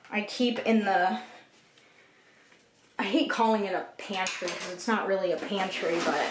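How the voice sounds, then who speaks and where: A young woman from Michigan, speaking with a Michigan American accent, rambles chattily through a casual home vlog, dropping plenty of "like" and "you know." Her voice is medium-pitched, and there's noise in the background.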